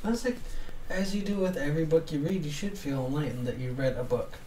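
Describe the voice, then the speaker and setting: A man's voice: on the high side, fast talker, slight background noise. Young man telling a story, roomy distant mic. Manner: animated, laughs often, acts out dialogue. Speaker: podcast co-host. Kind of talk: casual storytelling chat.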